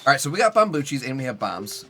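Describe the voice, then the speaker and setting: A man's voice: mid-range voice, sing-song, fast talker, fairly bright tone. A young adult man streaming a video game live, chatting loosely with viewers and rambling with lots of "like" fillers. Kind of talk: casual live gameplay commentary.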